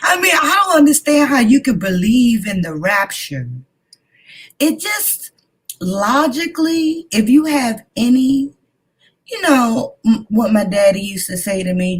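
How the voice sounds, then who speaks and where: A woman talking fervently and with excitement in a religious discussion. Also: on the high side, measured pace, slightly rough.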